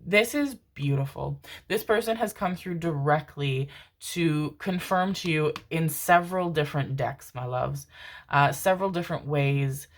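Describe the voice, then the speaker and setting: A woman's voice: low voice, moderate pace, slight background noise. A woman giving a casual tarot reading to her viewers, rambling and emotional, calling them pet names and swearing casually. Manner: tender, calls listeners pet names. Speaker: tarot reader.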